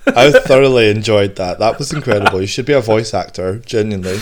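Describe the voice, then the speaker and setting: A man hosting a podcast, telling a story in casual chat with animated, rambling restarts. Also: on the low side, fast, noisy background. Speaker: podcast host.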